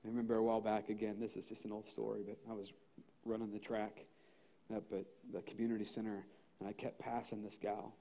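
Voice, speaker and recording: A middle-aged man from the United States, a pastor telling a personal story in a spontaneous sermon, conversational and animated, laughing often and acting out his own thoughts. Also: on the low side, fast talker, vocal fry.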